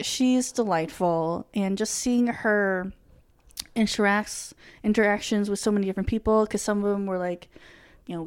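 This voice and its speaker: A woman's voice: mid-range voice, a little mellow, clear, resonant tone. Young woman co-hosting a podcast, casual and chatty, lots of ums, cusses a bit. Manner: chatty, swears freely, many ums. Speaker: podcast co-host. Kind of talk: casual chat.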